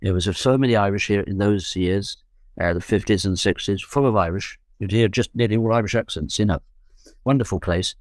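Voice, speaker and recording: Recorded in clean studio quality with no echo, a fairly low-voiced man speaks a little quickly. He's a Londoner in his seventies appearing as a guest musician, telling loose stories about his younger days, joking and correcting himself as he goes.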